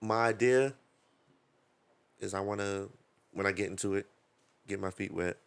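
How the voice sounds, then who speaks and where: A man who works as a DJ, chatting casually as a podcast guest and acting out quotes with lively voices. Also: fairly low pitch, moderate pace, creaky, clean tone.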